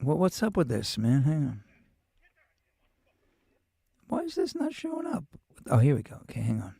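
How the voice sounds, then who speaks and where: A man's voice: medium pitch, huge pitch swings, moderate pace, gravelly, mellow, slightly rough, no echo. A male show host with a New York accent, rambling through a profane, casual monologue full of restarts.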